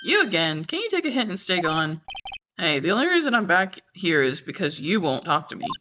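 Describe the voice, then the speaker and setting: A woman voicing a rude, sarcastic young female witness who turns shrill when cornered, with game music behind. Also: big pitch swings, fairly quick, dull audio, background noise. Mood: snippy. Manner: curt, sarcastic, gets flustered and shrill.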